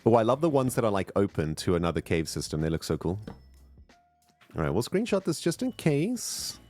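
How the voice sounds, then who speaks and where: Animated, excitable male game streamer. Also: lowish voice, fairly quick, soft background music. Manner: chatty, excitable, greets viewers. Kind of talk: casual live gameplay chat.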